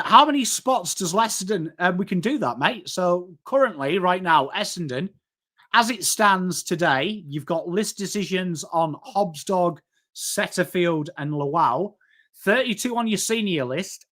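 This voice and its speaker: A man's voice: high-pitched, fairly bright tone. An English man hosting a casual live stream, chatting with viewers and calling them mate. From England. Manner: chatty, banters with chat, calls people mate. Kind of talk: casual live-stream commentary reading chat.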